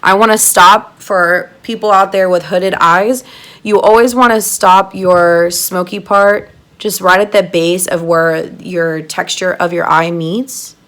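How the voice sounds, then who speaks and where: A woman giving a chatty makeup tutorial, gushing and excitable as she talks to her viewers. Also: on the low side. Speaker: makeup artist doing a tutorial.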